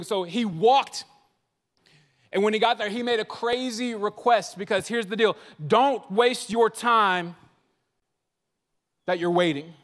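A man with a high voice preaches to a youth crowd, dropping into quick voices for the people in his stories. His words ring out in a big church hall with a long echo. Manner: animated, acts out voices of listeners and biblical figures. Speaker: youth conference speaker. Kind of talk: youth sermon.

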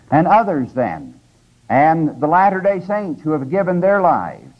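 A man giving a conversational, emphatic scripture lecture to a class, often checking in with his listeners. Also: fairly high pitch. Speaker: religious lecturer. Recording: dull lo-fi 1980s lecture tape.

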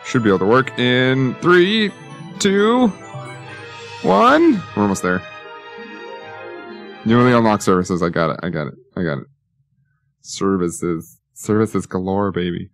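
A lower-pitched man chats loosely over a city-building game, muttering to himself and cracking jokes as he plans roads and services. Faint music plays under his voice. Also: moderate pace, long pauses. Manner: rambling, joking, talks to himself while building. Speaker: gaming YouTuber. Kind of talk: casual let's-play commentary.

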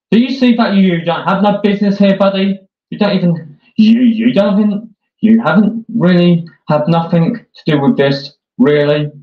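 A man delivering a mocking parody rant in a sarcastic, taunting way, swinging between whiny and gruff. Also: sits high. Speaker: online troll. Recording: echoey dull lo-fi room.

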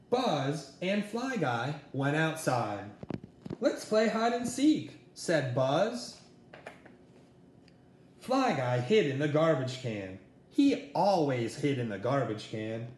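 A man reading a children's picture book aloud as storyteller, slow and expressive. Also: medium pitch, roomy sound, slight background noise.

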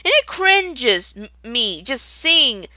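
A woman's voice: fairly high pitch, big pitch swings, takes it slowly, pushed and bright, no room sound. A young woman in an unscripted rant, angry and profane, rambling with stutters and restarts. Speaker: video creator.

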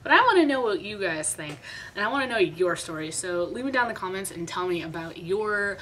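A woman's voice: medium pitch, expressive, brisk, a bit bright, a little hiss or hum, low-quality recording. A young woman vlogger telling a story in a chatty, dramatic, self-mocking way. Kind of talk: casual storytime vlog.

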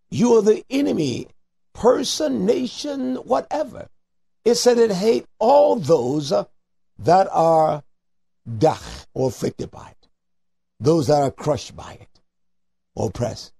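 Male radio preacher, high husky rasp, dark tone; fiery call-in sermon, swings loud to low. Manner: fiery, rising to near-shouts, then dropping low and slow; mixes Hebrew terms into scripture reading. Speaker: radio preacher taking calls.

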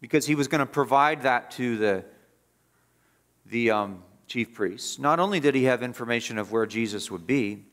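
A man preaching a sermon as pastor, emphatic and repetitive, building up and then dropping low. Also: normal speed, fairly bright tone. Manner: emphatic, repetitive preaching with rising and falling intensity. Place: church.

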